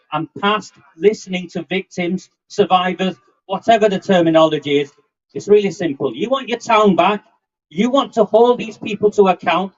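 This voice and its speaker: A man, giving an angry, defiant speech at an outdoor demonstration. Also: high voice. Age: 50s. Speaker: rally speaker. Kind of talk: impassioned outdoor rally speech. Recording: muffled lo-fi outdoor recording.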